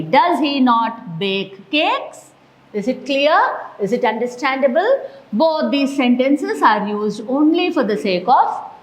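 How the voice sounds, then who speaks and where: Slow, lively Indian woman teaching grammar. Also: fairly high pitch, poor audio. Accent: Indian English. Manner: slow, deliberate, stresses sentence patterns. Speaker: English teacher. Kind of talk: classroom grammar lesson.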